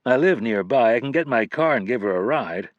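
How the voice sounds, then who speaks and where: A man's voice: mid-range voice, lively intonation, a little fast, dry recording, lo-fi sound, natural voice. A man narrating an audiobook voices a hardened male operative who speaks in terse, clipped lines.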